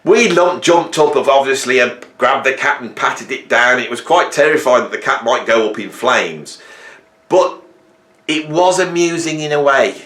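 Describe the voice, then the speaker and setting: A man in his fifties hosting a casual monologue, rambling and humorous as he tells animated stories. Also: medium pitch, unhurried. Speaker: host. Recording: roomy echo.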